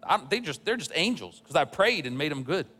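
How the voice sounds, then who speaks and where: Pastor guy preaching, kinda high voice, punchy and tense, big echoey church hall. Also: sing-song, a little fast, sharp tone. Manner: conversational preaching with wry asides. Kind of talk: sermon.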